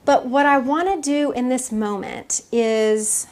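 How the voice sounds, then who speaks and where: A woman's voice: high-pitched, slow, a little mellow. A woman medium giving a casual lecture to a live audience, chatty and acting out the voices in her stories with frequent laughs. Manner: chatty, acts out quoted dialogue, laughs often. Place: room with a small audience.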